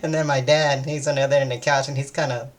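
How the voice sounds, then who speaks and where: A woman's voice: extremely low pitch, steady tone, fast. Woman, tired vlog chat, rambling, hesitant, lots of fillers. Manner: meandering and hesitant, with many fillers and restarts. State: weary, low-energy. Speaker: vlogger. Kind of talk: casual day-in-my-life chat.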